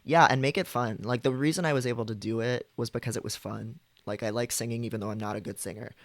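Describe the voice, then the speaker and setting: A man's voice: mid-range voice, fairly even intonation, fast, dry recording. Chatty man, dry close sound. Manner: chatty and explanatory, demonstrating vocal registers, many fillers. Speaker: streamer. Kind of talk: casual live-stream chat.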